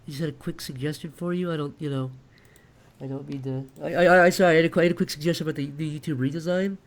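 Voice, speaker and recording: A man's voice: on the high side, fairly even intonation, racing, lightly acted. A man voicing a timid, innocent little man who stammers and apologizes as he offers a suggestion. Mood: nervous. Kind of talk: improvised voice acting while drawing.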